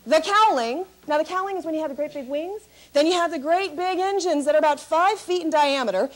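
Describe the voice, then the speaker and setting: High-energy high-voiced woman speaker. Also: a little fast. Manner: animated, laughing, high-energy. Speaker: keynote speaker. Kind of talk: comic storytelling to an audience.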